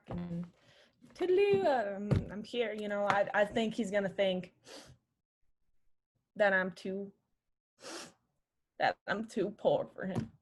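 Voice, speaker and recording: A woman improvising a flustered young woman who has been pretending to be posh and rich, halting and confessional. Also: medium pitch, a little hiss or hum, natural voice. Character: poor young woman faking being posh. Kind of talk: improv comedy scene. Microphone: video call.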